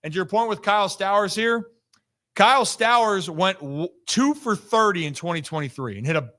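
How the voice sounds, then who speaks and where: Bright-voiced energetic sports talk host. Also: male voice, high-pitched, normal speed. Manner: energetic, animated, teasing. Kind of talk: casual sports talk show.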